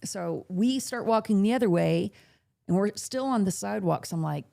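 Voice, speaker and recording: A woman podcast host telling a story in casual chat. She talks in an animated way, swears freely and laughs often. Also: mid-range voice, normal speed, gravelly.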